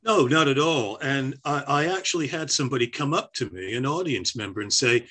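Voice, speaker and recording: A man's voice: mid-range voice, animated, brisk, few pauses, pushed and bright, breathy edge. An older man, a former stand-up comedian, giving a reflective interview with frequent restarts. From half American, raised on air force bases. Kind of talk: oral history interview.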